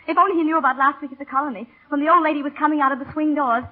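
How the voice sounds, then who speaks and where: Brief: actress as a glib, flippant young heiress, 1930s radio play, high quick delivery. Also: female voice, fairly even intonation, natural voice. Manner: flippant, brushes off worry. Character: headstrong, glib young society woman. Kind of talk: 1930s radio drama acting. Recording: tinny old radio broadcast.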